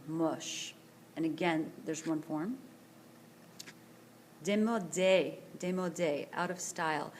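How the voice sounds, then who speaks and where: A woman teacher recording a screencast vocabulary lesson, speaking slowly and carefully and repeating each word for pronunciation practice. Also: low voice, a little hiss or hum. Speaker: French teacher. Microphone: tablet screencast voice-over.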